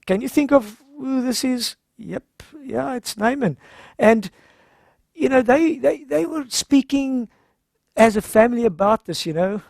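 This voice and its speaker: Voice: medium pitch, lively intonation, a little slow, vocal fry, darkish tone, no room sound. Dry-voiced seminar presenter. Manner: retells scripture informally, acting out the characters' lines. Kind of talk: conversational Bible-story sermon.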